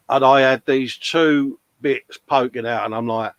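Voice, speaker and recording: A man's voice: mid-range voice, steady tone, a little slow, hardly any pauses, no room sound, muffled recording. A man hosting a live modelling show, chatting casually, reading out viewer comments and calling everyone mate. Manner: chatty, matey, laughs often.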